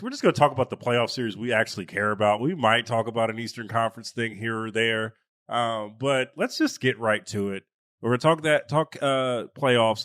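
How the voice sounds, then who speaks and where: A man hosting a sports podcast, chatting loosely with friends, with casual swearing and animated banter. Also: mid-range voice, dry recording, clean studio sound. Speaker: podcast host. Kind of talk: casual chat.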